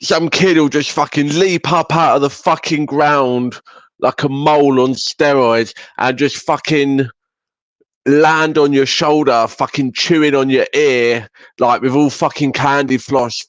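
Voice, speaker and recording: A man's voice: mid-range voice, fairly even intonation, unhurried, dry recording, dull audio. A man co-hosting a casual podcast chat, wry and sweary, full of vivid exaggeration. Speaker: podcast co-host.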